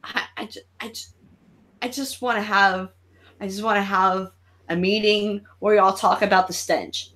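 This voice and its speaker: A woman voicing a hulking masked male killer who stammers timidly in a low voice. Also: steady tone, moderate pace, fairly bright tone, close to an everyday voice. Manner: stammering, hesitant.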